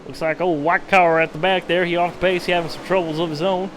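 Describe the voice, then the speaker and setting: Here a man does a hammy, excited impression of a Southern good-old-boy race commentator, drawling in a put-on American Southern accent. He speaks fast in a high, fairly bright voice with little pitch movement, over slight background noise and poor audio.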